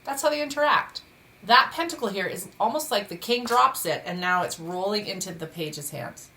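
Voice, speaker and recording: A woman reading tarot cards at home, chatty and expressive, exclaiming at what she turns over and speaking bluntly. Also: medium pitch, moderate pace, slight background noise. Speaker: tarot reader. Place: home room during a move.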